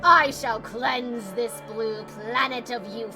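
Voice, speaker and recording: A woman reading a grim villain's lines in a slow, solemn, measured voice. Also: a little high, music in the background. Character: grim villain condemning humanity.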